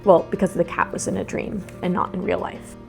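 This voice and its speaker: A young woman hosting a relaxed craft vlog, chatting casually and rambling into sudden asides to herself. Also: on the low side, a little fast, vocal fry, soft background music. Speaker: host. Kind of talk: casual chat while doing a craft.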